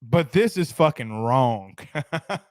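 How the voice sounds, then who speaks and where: A man's voice: medium pitch, lively intonation, slow, a little mellow, no room sound, studio quality. A man hosting a sports livestream, a little tipsy, talking loosely and profanely, laughing as he reads viewer comments aloud. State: tipsy from drinking. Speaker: sports show host. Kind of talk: casual livestream chat reading viewer comments.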